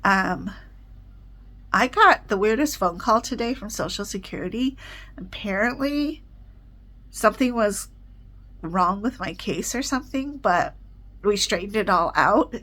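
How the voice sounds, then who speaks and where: A woman's voice: mid-range voice, slow, pauses often. A woman vlogging in casual chat from her apartment, rambling with lots of fillers and little laughs, slightly congested and talking around a cough drop. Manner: rambling, chatty, with many fillers and soft laughs.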